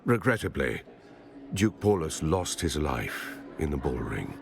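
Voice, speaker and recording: An actor playing a stern male bar host in a video game, speaking slowly and gravelly with dry menace. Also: extremely low pitch, very animated, exaggerated voice. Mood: storytelling. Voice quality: gravelly, slow and measured. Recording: game audio under music.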